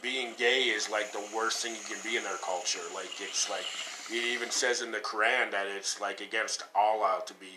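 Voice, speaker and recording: A man's voice: fairly low pitch, steady tone, normal speed. A middle-aged man telling crude, rambling stories in casual podcast chat. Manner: profane, rambling storyteller. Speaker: podcast co-host. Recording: echoey room with faint noise.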